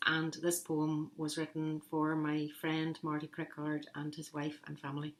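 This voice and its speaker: A woman poet reading her poems aloud in a measured, unhurried way, with a few casual asides between them. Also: low voice, slight background noise. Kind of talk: poetry reading.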